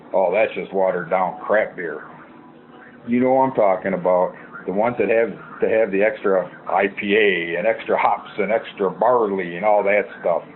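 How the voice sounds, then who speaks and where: Blunt man from Milwaukee on a tinny line. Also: lowish voice. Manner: mocking, blunt. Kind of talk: comedic rant. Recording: tinny phone-like audio.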